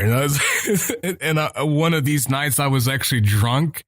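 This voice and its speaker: A man co-hosting a podcast in casual chat, animated, joking and swearing freely. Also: medium pitch, a little slow, no room sound, clean studio sound. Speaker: podcast co-host.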